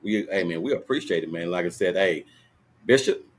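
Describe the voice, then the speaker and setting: A man's voice: low voice, quick pace. A man hosting a casual online football panel, loosely calling on each guest in turn and joking along. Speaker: show host.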